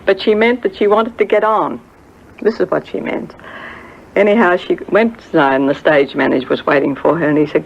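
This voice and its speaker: A woman's voice: on the low side, moderate pace, slight background noise. Older woman reminiscing on dull old tape. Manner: hesitant, many fillers, acts out quoted voices. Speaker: friend recalling a singer. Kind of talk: reminiscing anecdote.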